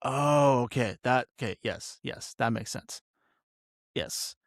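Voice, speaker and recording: A man's voice: medium pitch, slow, no room sound, studio quality. A man hosting a casual podcast, asking questions in a laid-back, hesitant way. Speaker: podcast host.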